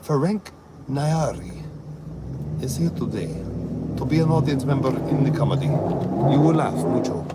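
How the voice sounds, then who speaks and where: A man voicing a hammy male announcer with a jumbled, muddled foreign accent, spoken slowly and grandly. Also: medium pitch, background noise, natural voice.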